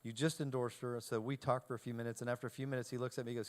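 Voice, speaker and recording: A man of ordinary, mid-range pitch speaks to a live audience and tells a humorous story about himself. He acts out both sides of each exchange and pokes fun at his own nerves. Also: rapid-fire, few pauses. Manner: animated storyteller, self-deprecating, acts out dialogue. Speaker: keynote speaker.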